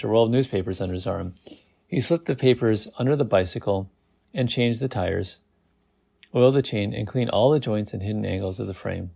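A man's voice: on the low side, gravelly, dark tone. A man reading a novel aloud, amused, who stops to comment on the text. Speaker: reader.

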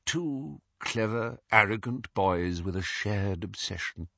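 A man reading the part of an old, remorseful male wizard mentor who speaks softly and haltingly. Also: lowish voice, animated, gravelly, dry recording, highs cut off, heavily acted. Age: older. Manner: soft, halting, confessional.

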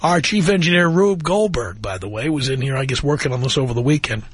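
A middle-aged man hosting a talk radio show, telling stories in an animated way and laughing often, close on a studio mic. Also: mid-range voice, fast talker. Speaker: radio host.

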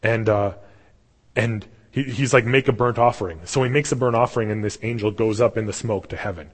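Husky pastor in a reverberant hall. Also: male voice, on the low side, a little fast. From Canada. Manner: casual, animated storytelling. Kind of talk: sermon.

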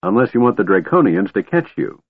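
A man doing a brisk young barmaid. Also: on the low side, sing-song, slightly rough. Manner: brisk, practical. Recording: tinny phone-like dry recording.

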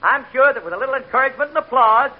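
A man's voice: extremely high pitch, racing. A man acting as bandleader and co-host of a 1940s radio comedy, with brash, breezy emcee patter. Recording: dull old radio broadcast.

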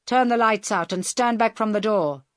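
A man's voice: high voice, normal speed, no room sound, clean studio sound, natural voice. A woman doing a barking bearded hijacker. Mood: urgent. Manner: barks urgent orders. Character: tense, commanding bearded male hijacker.

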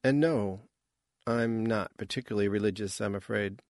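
A man's voice: fairly low pitch, moderate pace, a little mellow, dry recording, clean studio sound, lightly acted. A man voicing a polite, hesitant young man who is new and unsure of his surroundings. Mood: wary.

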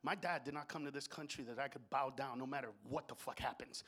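A man doing a stand-up comedy routine on stage into a handheld mic, profane and swinging between shouted bursts and low, confiding stretches. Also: fairly even intonation, fast.

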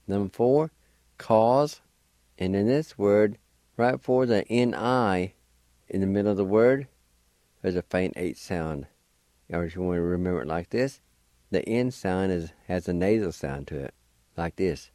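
A man's voice: on the low side, unhurried, warm tone, dry recording. A man hosting a radio language lesson, spelling words out letter by letter and patiently encouraging listeners to practice. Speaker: radio language teacher and host.

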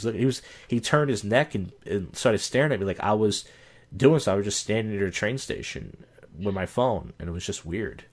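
A young man with a somewhat low voice, talking casually on a podcast. He rambles, restarts his sentences and acts out little bits of dialogue as he goes. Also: darkish tone. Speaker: podcast guest. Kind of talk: casual chat.

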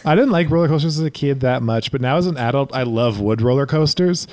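A man's voice: medium pitch, fast talker, darkish tone, dry recording. A man co-hosting a podcast in casual chat, joking and laughing often. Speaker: podcast co-host.

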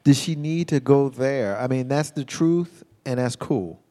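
A man co-hosting a casual chat, measured and hesitant, often restarting when he gives his opinion. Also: medium pitch, dark tone. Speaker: podcast co-host. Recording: long reverb.

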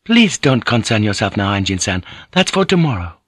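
A man voicing a gentle, devoted noblewoman who speaks formally and soothingly. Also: fairly low pitch, big pitch swings, normal speed, dry recording, clean studio sound. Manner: soothing, formal old-fashioned speech.

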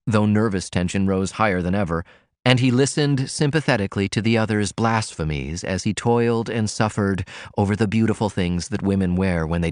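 A male narrator reads a novel aloud in a low, measured voice. The recording is close and dry, with no room sound at all. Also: no room sound. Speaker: audiobook narrator. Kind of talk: scripted audiobook narration.

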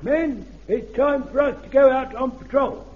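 Keen bossy corporal, really high voice, thin tinny sound. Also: male voice, a little slow. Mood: eager. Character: eager male army corporal. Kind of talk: radio sitcom acting. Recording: thin tinny old radio recording.

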